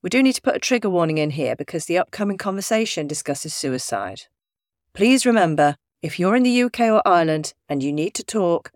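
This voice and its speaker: British podcast host, calm careful warning read, dry mic. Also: medium pitch, no echo. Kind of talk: scripted safety notice and chat.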